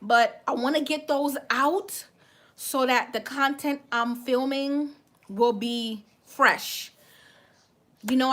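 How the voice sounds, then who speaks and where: High-voiced chatty woman, livestream vlogger. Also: a bit bright. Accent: West Indian. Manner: chatty, reads out and thanks viewers, restarts words. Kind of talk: casual livestream chat.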